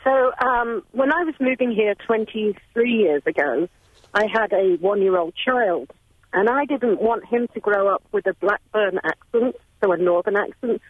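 A woman's voice: mid-range voice, normal speed. Hesitant woman caller on the phone. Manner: hesitant, with nervous laughs. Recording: tinny phone line.

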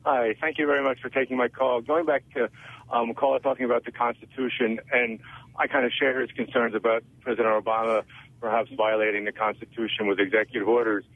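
A man calling in to a radio show over the phone, making an earnest, somewhat halting point. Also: mid-range voice, flat delivery, slight background noise. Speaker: caller. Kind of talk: phone-in caller. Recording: tinny phone line.

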